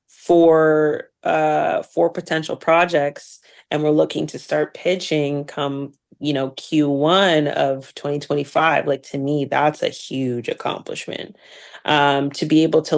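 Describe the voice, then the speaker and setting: A woman actress and producer chatting as a guest in a casual interview, animated and laughing often, with many fillers. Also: low voice.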